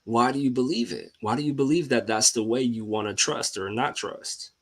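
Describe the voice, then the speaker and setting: Husky-voiced man giving an animated pep talk. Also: medium pitch, moderate pace. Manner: animated, asks himself rhetorical questions, laughs often; slangy and informal. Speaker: host of a live mindset show. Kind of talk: casual motivational talk.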